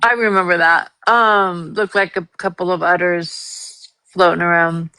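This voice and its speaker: A woman's voice: lowish voice, fairly even intonation, measured pace, bright, forceful tone, smooth, dry recording. A woman co-hosting a live stream, telling stories in a chatty, giggly way. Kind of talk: casual live stream chat.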